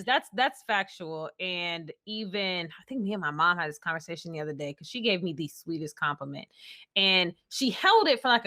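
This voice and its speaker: A young woman co-hosting a casual podcast, with a bright, forceful tone. She talks openly and emotionally, laughing often and owning up to how easily she tears up. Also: on the low side. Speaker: podcast co-host. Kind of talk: casual chat.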